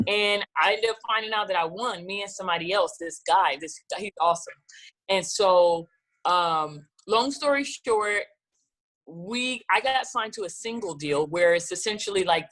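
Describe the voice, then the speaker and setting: Woman, gospel singer guest, animated storyteller, mid-pitched voice. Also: normal speed. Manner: animated, acts out quoted dialogue. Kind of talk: casual storytelling interview.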